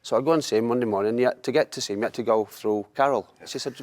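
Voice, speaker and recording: Man telling lively anecdotes. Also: mid-range voice, quick pace, no room sound, studio quality. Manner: lively storyteller, laughs at his own tales. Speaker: former footballer telling stories.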